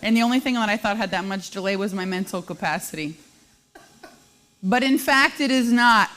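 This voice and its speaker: Female host, 30s, casual live-stream chat, self-deprecating humor. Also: mid-range voice. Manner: self-deprecating, joking, laughs often.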